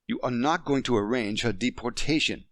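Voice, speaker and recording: A man voicing a poised French wife near fifty, patient and gently reasoning with her husband. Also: mid-range voice, normal speed, no echo, studio quality, voice pushed up, lightly acted. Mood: firm.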